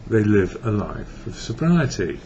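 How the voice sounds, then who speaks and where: A man's voice: fairly low pitch, sing-song, measured pace, a little mellow. A man from England giving a reflective personal monologue about recovery, rambling and correcting himself as he goes. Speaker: recovery blogger. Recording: dull lo-fi with faint hiss.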